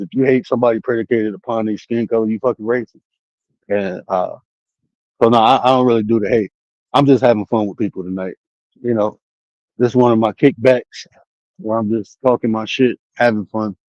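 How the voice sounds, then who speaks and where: A man's voice: medium pitch, darkish tone, dry recording, dull audio. A man ranting on his own livestream, taunting the chat with profanity and challenging viewers to join the call. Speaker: streamer and life coach. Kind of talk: casual livestream rant. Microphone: streaming setup mic.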